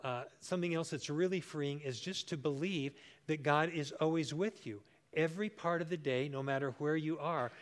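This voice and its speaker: A man's voice: fairly high pitch, moderate pace, few pauses. A man in his sixties preaching a sermon as pastor, telling a homely story and acting out the voices he quotes. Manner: warm storytelling, acts out quoted voices with big jumps.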